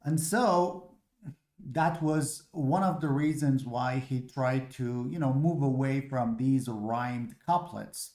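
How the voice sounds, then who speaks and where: A man's voice: mid-range voice, a little slow, a little mellow. A man with a Persian accent giving a recorded literature lecture, explaining patiently and often repeating himself with "you know.". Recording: echoey room.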